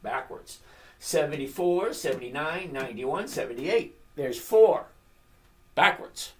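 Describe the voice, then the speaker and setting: Blunt trading host, sarcastic and mocking, swinging pitch, screen-share market commentary. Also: animated, a little slow, slight background noise. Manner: sarcastic and mocking, laughs at the numbers; blunt and opinionated.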